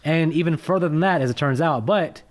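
A podcast co-host reviewing movies casually, this man has a fairly high voice and speaks a little fast. He jokes around with animation and rants with rising emphasis.

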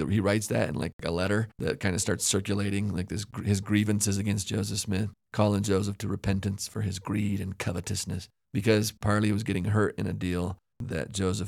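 A man with a low, gravelly voice, recorded close and dry, co-hosting a casual history podcast. He recounts events reflectively, with hedges and asides, and sometimes stops to draw out a lesson. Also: darkish tone, dry recording. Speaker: podcast co-host. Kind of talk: casual conversational history discussion.

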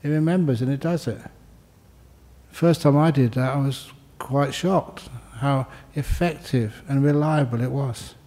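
Older male monk, dharma talk, mellow dark tone, relaxed and joking, repeats lines for emphasis. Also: medium pitch, unhurried. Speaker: Buddhist monk teacher. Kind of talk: dharma talk answering questions.

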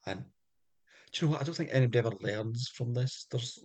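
A man, co-hosting a podcast and retelling folk tales in a playful, animated way with jokey asides. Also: mid-range voice, fast, slightly rough. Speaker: podcast co-host. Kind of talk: comic storytelling chat.

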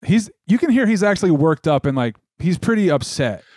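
A man's voice: sits high, sing-song, fairly quick, a little mellow, slightly rough. A man co-hosting a podcast, chatting casually and rambling with lots of fillers. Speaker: podcast co-host. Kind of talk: casual chat.

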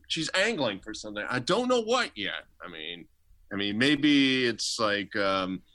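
A man's voice: lowish voice, sing-song, unhurried, sharp tone. A man co-hosting a podcast, chatting casually and riffing on silly made-up scenarios. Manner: joking, riffs on absurd scenarios. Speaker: podcast co-host. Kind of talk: casual chat.

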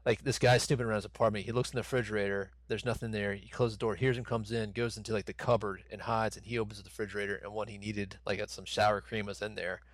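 A man's voice: fairly low pitch, flat delivery, fast, hardly any pauses, dry recording. A man in his thirties co-hosting a podcast, rambling and swearing in casual chat with lots of fillers. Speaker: podcast co-host.

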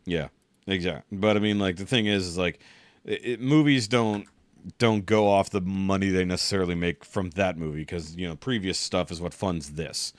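A man's voice: low-pitched, moderate pace, no echo. A man hosting a podcast, talking casually in a blunt, rambling way with frequent swearing. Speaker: podcast host. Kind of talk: casual chat.

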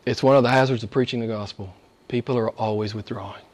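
During a church service, a pastor with a mid-range, slightly mellow voice preaches at a quick pace with fairly even intonation. His emphatic sermon features repeated phrases and frequent "right?" questions aimed at his congregation.

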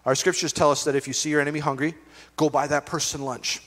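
Middle-aged man, pastor, casual storytelling sermon, higher-pitched voice, church hall reverb. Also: fast. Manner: conversational, animated storytelling with asides.

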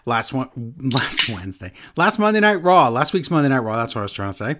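A man's voice: mid-range voice, very animated, a little fast, bright, forceful tone. A man hosting a podcast, chatting casually and rambling, often correcting himself. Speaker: podcast host. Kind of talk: casual chat.

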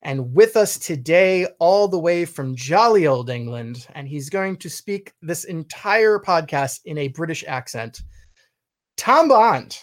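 A man hosting a casual podcast chat from home, jokey and excitable with quick riffs. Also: fairly high pitch. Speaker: podcast host.

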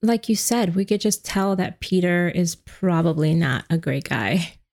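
A woman's voice: on the low side, a little slow. A woman co-hosting a podcast, chatting casually and laughing often as she retells a movie. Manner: giggly, animated retelling. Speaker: podcast co-host. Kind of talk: casual chat recapping a movie.

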